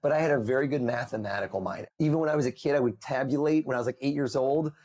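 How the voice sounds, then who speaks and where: A man on a podcast interview, telling lively stories and acting out the people he quotes. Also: medium pitch, very fast. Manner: animated storyteller, acts out quoted voices. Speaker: podcast guest, mentalist. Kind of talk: conversational storytelling. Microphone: remote call.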